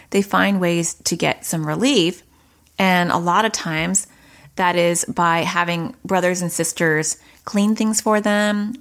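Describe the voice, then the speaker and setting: A woman from New York hosts an educational podcast with a slightly low voice. She explains each point directly and adds quick asides as she goes. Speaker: podcast host.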